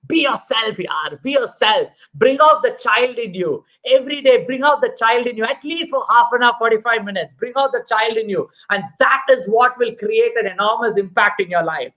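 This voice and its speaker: A man's voice: high-pitched, bright, forceful tone, low-quality recording. A man with an Indian English accent, a psychiatrist hosting a motivational live session. He speaks earnestly, repeats his key lines and reads viewer comments aloud.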